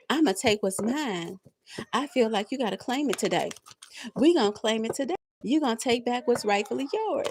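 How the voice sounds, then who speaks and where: A woman's voice: on the high side, a little mellow, slight background noise. A woman in her fifties hosting a live spiritual pep talk, preaching with emphatic repetition and laughing through near tears. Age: 50s. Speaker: tarot reader and live-stream host.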